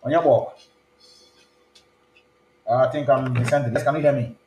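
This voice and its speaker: A man's voice: medium pitch, fairly even intonation, unhurried, darkish tone, a little hiss or hum. A man hosting a casual live stream. He talks in a chatty way and slips between English, Igbo and pidgin, heard in a roomy, echoing space. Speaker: online show host. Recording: roomy echo.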